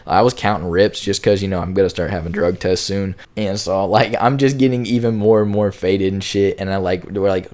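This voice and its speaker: A man's voice: deep voice, steady tone, fairly quick, few pauses, a little mellow. A young man casually telling a long, rambling storytime, full of slang and filler words. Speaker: storytime YouTuber.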